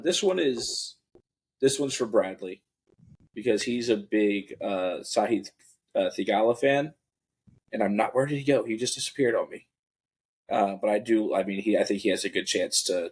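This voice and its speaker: A man's voice: fairly low pitch, unhurried, long pauses, husky. A man co-hosting a casual sports podcast, easygoing as he talks through his picks. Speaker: podcast co-host.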